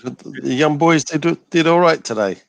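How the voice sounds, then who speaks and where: A man co-hosting a casual football chat, speaking in a relaxed, measured way. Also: on the high side, vocal fry, dry recording. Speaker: co-host.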